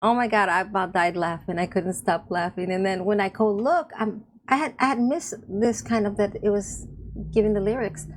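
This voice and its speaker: A woman's voice: medium pitch, normal speed. A woman YouTuber chatting casually about online friends, laughing often and rambling with restarts. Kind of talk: casual rambling chat to camera.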